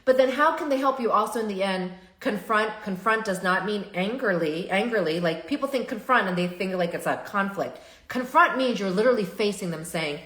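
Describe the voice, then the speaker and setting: A woman therapist hosting a live stream, talking in an animated, chatty way and often stopping to restart her sentences. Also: mid-range voice, normal speed, few pauses. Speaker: therapist and show host. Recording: roomy echo.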